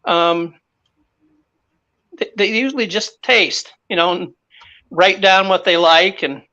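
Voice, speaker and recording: Halting man chatting. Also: sits high, sharp tone, muffled recording. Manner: halting, restarts, self-deprecating. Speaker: guest. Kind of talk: casual live-stream chat.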